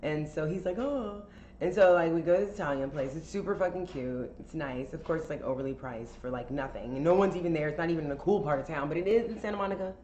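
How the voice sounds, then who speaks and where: A woman with a low voice spins a casual storytime for a podcast. She talks in a chatty, candid way, full of fillers and swearing. The sound is roomy and a bit dull, with faint hiss behind her. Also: fast, hardly any pauses, warm tone. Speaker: podcast host telling a story.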